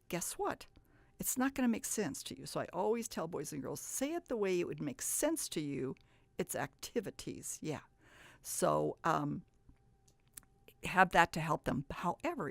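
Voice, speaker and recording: A woman with a low voice and a gravelly edge gives a reading lesson. She is patient and encouraging and goes through each point step by step. The sound is dry and close, with no room around it. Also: dry recording. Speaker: teacher. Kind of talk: instructional presentation.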